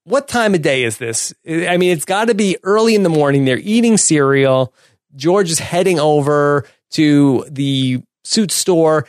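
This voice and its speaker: A man's voice: fairly high pitch, a little slow, no room sound. Man recapping an episode, dry close sound. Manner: relaxed, recapping scenes with easy laughs. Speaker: podcast co-host. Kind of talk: casual episode recap chat.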